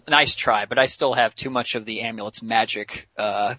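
A man's voice: on the low side, fairly even intonation, moderate pace, sharp tone, no echo. A man quoting a petulant young male sorcerer villain in a whiny, sneering voice. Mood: gloating.

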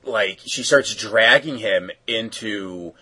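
A man's voice: lowish voice, takes it slowly, pushed and bright, slightly rough, rough recording. A man casually recapping a cartoon episode, rambling with lots of fillers. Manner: rambling, filler-heavy storytelling.

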